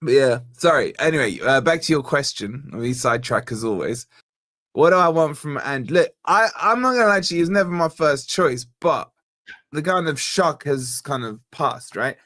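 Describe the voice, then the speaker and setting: A man's voice: fairly high pitch, normal speed. A young man hosting a casual football fan chat, telling rambling stories and swearing freely. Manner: animated, rambling storyteller who swears. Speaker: host of a football fan channel.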